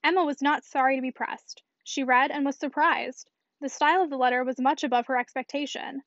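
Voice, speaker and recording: Woman audiobook narrator, high voice, dry dull recording. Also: steady tone, fairly quick, fairly bright tone, no echo. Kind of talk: scripted narration.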